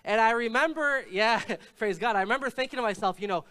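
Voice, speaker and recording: A man delivers a sermon with a higher-pitched voice than most men. His voice is smooth and clear. He speaks in an easygoing, storytelling way and often pauses on fillers. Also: bright, forceful tone. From Canada. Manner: conversational storytelling with frequent filler hesitations. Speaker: pastor.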